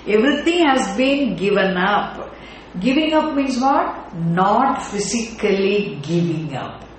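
A slow, unhurried teacher lecturing on scripture, pausing to ask the class whether it follows and lilting key terms in a chant. The voice rings through a very reverberant hall, with a faint room hum underneath. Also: mid-range voice, lively intonation. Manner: deliberate, often asks the class rhetorical check questions. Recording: very echoey room with faint ambience.

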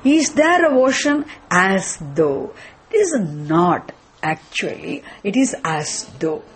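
A woman's voice: medium pitch, very animated, slow, crowd noise. A woman teaching a scripture class, asking questions and answering them herself, repeating the key phrases. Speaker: Vedanta teacher.

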